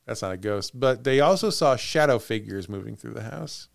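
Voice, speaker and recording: A man's voice: mid-range voice, expressive, normal speed, vocal fry. A man hosting a podcast, telling a haunted-house story in casual chat. He laughs often and trails off into restarts.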